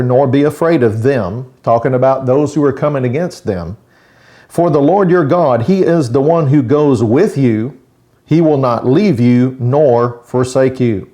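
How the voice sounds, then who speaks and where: A man, a pastor, giving a short daily devotional teaching in a plain, conversational way with folksy asides, slowing down to stress key points. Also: mid-range voice, a little mellow.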